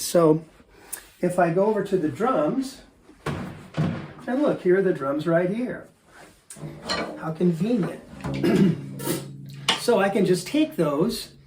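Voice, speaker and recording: A fairly high, mellow man's voice, a drum teacher in his fifties talking through rhythm exercises and counting them in. He sounds relaxed and methodical. His voice rings in an echoey studio room. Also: a little hiss or hum. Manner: relaxed, explains step by step with counting. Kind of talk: instructional demonstration.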